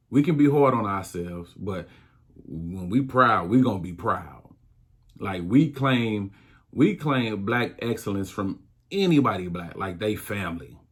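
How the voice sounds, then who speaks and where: A man's voice: fairly low pitch, breathy edge. A man hosting his own podcast, talking reflectively in a casual style, with many restarts. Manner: slow, reflective, drawn-out phrasing with many restarts. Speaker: podcast host. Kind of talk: casual solo podcast talk.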